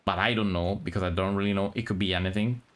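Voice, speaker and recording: A low-pitched man talks fast while streaming with a friend, reading a visual novel aloud. He chats casually in a relaxed, hesitant way, restarting often.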